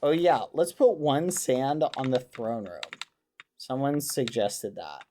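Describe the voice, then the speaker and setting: A man streaming a game, chatting casually and excitedly with his viewers and using wholesome exclamations instead of swearing. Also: medium pitch, slow pace. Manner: excitable, talks to his chat. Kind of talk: casual gaming livestream chat.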